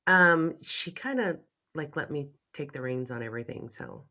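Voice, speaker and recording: A woman's voice: low voice, expressive, moderate pace, sharp tone. A woman real estate agent chatting on a video call, hesitant and full of fillers. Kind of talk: casual chat.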